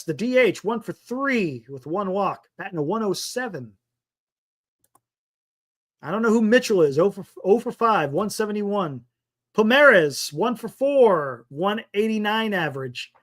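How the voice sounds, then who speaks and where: A fan podcast host, male, with a high-pitched and slightly bright voice, runs a casual postgame talk show. He's frank and rambling, tripping over player names as he reads out stats.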